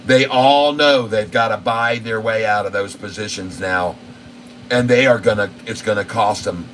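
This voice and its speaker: A man hosting a live stock market show, pressing his point again and again and reeling off long runs of price figures. His voice is bright and forward. He sits back from the mic, with a faint air conditioning hum underneath. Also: on the low side, normal speed, recorded from a distance. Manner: insistent and repetitive, rattling off price lists. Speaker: channel host.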